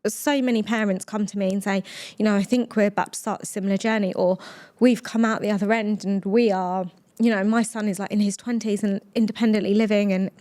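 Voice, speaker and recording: A woman's voice: medium pitch, fairly even intonation, warm tone. Candid, rambling woman podcast guest. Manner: open, rambling, quick bursts with restarts. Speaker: podcast guest, blogger and entrepreneur. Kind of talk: candid conversational interview.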